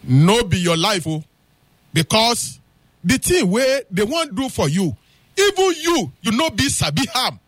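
A male storyteller with a Nigerian Pidgin accent who talks straight to his listeners. His voice sits high for a man and swings widely in pitch. The recording is close and dry. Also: unhurried, no echo. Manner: animated, addresses listeners directly. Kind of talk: casual spoken storytelling.

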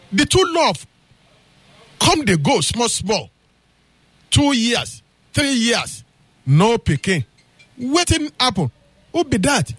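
Animated Nigerian Pidgin male storyteller. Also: high voice, husky, no echo. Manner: animated, addresses listeners directly. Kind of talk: casual spoken storytelling.

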